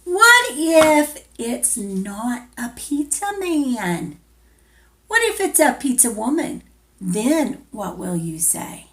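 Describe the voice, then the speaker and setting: A female teacher reads a picture book aloud to young children in a gentle, playful way. She goes very slowly, her lively pitch rising and falling with each question she puts to them.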